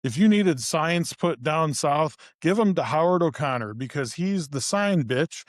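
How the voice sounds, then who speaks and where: A middle-aged man, co-hosting a podcast and ranting about local politics in a profane, animated way. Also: measured pace, no room sound, studio quality. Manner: profane, animated storytelling with sudden pitch jumps. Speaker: podcast co-host. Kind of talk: casual ranting chat. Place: studio.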